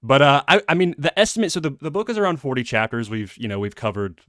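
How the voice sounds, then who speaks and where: A man's voice: mid-range voice, animated, quick pace, fairly bright tone, no room sound, clean studio sound. A man hosting a casual book club live stream over a video call, rambling and correcting himself with a laugh.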